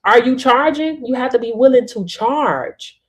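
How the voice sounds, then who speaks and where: A woman's voice: fairly high pitch, expressive, a little slow. A woman business coach giving a live-streamed coaching talk, emphatic, punctuating points with "right?" and "Hello?" and calling on viewers.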